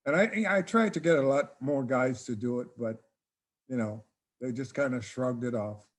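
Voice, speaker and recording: An older man and former ballplayer, relaxed and casual, telling a long anecdote in an interview and acting out the dialogue. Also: medium pitch, moderate pace. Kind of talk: casual storytelling.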